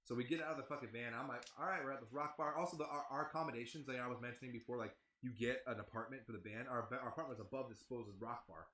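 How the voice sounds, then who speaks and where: A man's voice: mid-range voice, racing, few pauses, bright, forceful tone, echoey room. A man telling a rambling, profane story in casual chat, with a lot of "like". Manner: rambling, heavy swearing, lots of "like". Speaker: band member telling a tour story.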